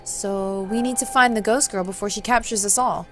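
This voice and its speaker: A woman doing a composed nobleman count who speaks in measured, matter-of-fact tones. He sounds like a steady leader in a spooky visual novel, with faint music playing behind. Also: medium pitch, lightly acted. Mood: calm, steady. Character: composed formal male count, calm leader. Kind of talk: reading a visual novel aloud.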